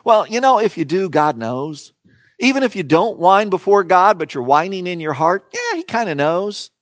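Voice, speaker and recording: Earnest high-voiced male preacher. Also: big pitch swings, dry recording. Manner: earnest and emphatic, with slow dramatic pauses. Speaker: pastor. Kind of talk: sermon.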